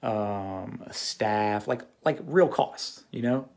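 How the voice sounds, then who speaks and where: A man's voice: fairly low pitch, lively intonation, extremely slow, darkish tone. A man hosting a casual livestream, talking earnestly to his viewers with many fillers and restarts. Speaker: host of a phone-flipping channel.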